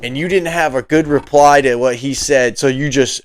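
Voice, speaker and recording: A man's voice: medium pitch, normal speed, a little hiss or hum. A man hosting political commentary, ranting in a heated, profane, mocking way.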